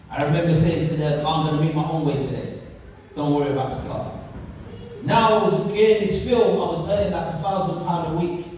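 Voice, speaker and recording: A man telling a story live on stage, animated and acting out the voices of the people in it. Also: on the high side, slight background noise. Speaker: speaker. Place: large hall at an event. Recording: echoey hall from far off.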